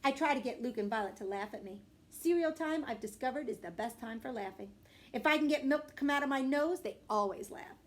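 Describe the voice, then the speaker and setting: A woman reading a children's storybook aloud with expressive narration and lively character voices. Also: fairly quick. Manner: voices a young girl with bursts of high excitement. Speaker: audiobook reader.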